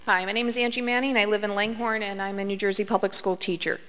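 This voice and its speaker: Smooth-voiced woman teacher in echoing hall. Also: medium pitch, little pitch movement, quick pace, a bit bright. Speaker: public commenter, teacher. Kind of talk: prepared public comment at a school board meeting. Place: large meeting hall. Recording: long hall reverb.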